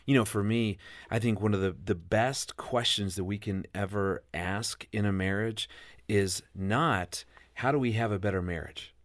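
A man's voice: fairly low pitch, moderate pace, no echo, studio quality. A middle-aged man, a guest author, speaking in an emphatic, preacherly way and quoting scripture. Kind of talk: earnest faith-based interview talk.

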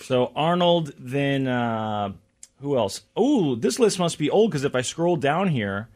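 A male radio host in relaxed studio banter, thinking out loud as he reads through a list. His voice sits at an ordinary middle pitch, and his talk is easygoing and chatty. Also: slow. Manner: chatty, musing aloud, reads items from a list. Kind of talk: casual on-air chat.

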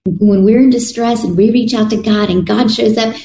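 A woman delivers a sermon in an earnest, conversational tone, often doubling back on her words. Her voice is mellow and soft-edged. The room around her is echoey. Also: on the high side, steady tone, normal speed, gravelly. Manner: earnest, conversational preaching with restarts. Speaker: preacher.

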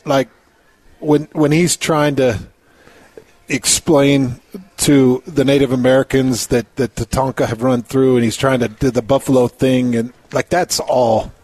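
A man's voice: mid-range voice, flat delivery, measured pace, darkish tone, dry recording. A man co-hosting a sports radio show, chatting in an enthusiastic, rambling way. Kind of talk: casual sports radio banter.

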